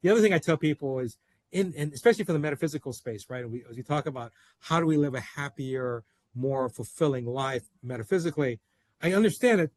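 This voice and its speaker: A man telling stories as a guest in a casual interview, animated and emphatic. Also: fairly high pitch, quick pace. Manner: animated, acts out dialogue, emphatic. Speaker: guest, founder of a learning center.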